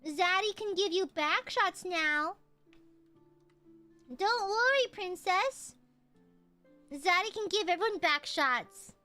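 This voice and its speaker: A brash tough guy swaggers through his lines and teases everyone he talks to, as a woman streamer puts him on. Under the bluster the voice stays high and bright. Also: lively intonation, slow, long pauses, soft background music, heavily acted. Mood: boastful.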